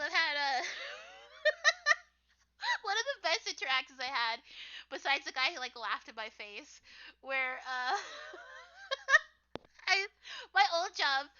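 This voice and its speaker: A young woman with a squeaky, high voice chats on a casual livestream, rambling and filling her talk with "like" and laughter. Her tone is sharply bright. The recording sounds dull and lo-fi. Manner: rambling, full of "like", laughs often. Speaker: artist streaming her drawing work.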